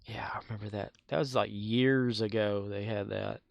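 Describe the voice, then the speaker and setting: A man chats with his viewers while he plays a game, rambling and cracking jokes between sleepy asides. His voice has a gravelly texture, and the sound is dry and close, recorded at home. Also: lowish voice, fairly even intonation, normal speed, no room sound, lo-fi sound. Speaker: game streamer. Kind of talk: casual chat.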